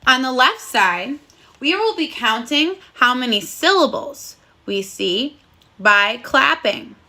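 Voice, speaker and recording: Bright, lively woman teaching first graders. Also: high-pitched. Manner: encouraging, slow and clearly enunciated, sounding out words. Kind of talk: recorded phonics lesson for children.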